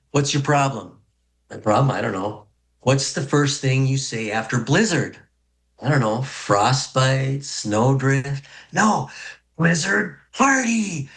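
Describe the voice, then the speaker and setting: Male storyteller from North Dakota, mid-pitched, folksy and humorous. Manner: folksy, humorous, animated pacing. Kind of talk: personal story told to an audience.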